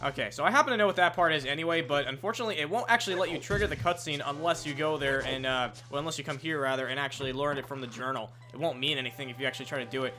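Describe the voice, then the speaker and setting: A young let's play commentator narrates a video game in a wry, meandering way, reading dialogue aloud and tossing in the occasional swear and aside. His voice runs on the high side, sounding pushed and bright.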